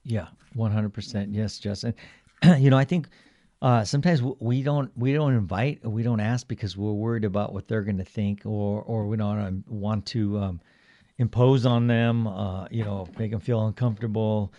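A man co-hosting a Catholic talk show, speaking haltingly with many pauses and fillers. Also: lowish voice, mellow, no echo, muffled recording. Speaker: Catholic radio co-host. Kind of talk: casual faith talk show chat.

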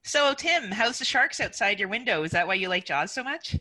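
A woman co-hosts a podcast, her speech bouncing widely in pitch. Her tone is bright and ringing. She chats casually, swears, and laughs often. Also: expressive, fairly quick. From Canada. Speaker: co-host.

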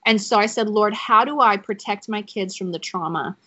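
A woman's voice: mid-range voice, normal speed, pushed and bright, lo-fi sound. Emotional woman telling her story. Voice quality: emotional, choking up at times. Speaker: podcast guest. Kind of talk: personal faith testimony.

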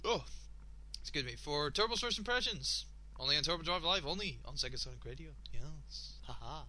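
A man hosting a radio show, ranting and swearing in exasperation, his voice slightly hoarse. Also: on the high side, lively intonation, fairly quick, sharp tone, slight background noise. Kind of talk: casual solo radio talk.

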